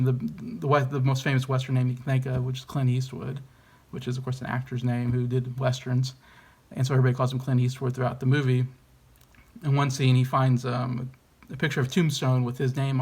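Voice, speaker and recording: A man's voice: mid-range voice, a little mellow, breathy edge. A man giving a casual, enthusiastic movie review, hesitant and rambling with many ums and restarts.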